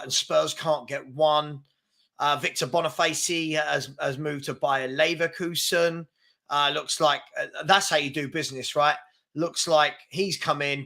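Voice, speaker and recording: A man's voice: a little high, vocal fry, bright, forceful tone. A man hosting a live football fan stream, chatting loosely and reading out viewer comments, with plenty of fillers and restarts. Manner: rambling, with fillers and repeated words. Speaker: fan channel host.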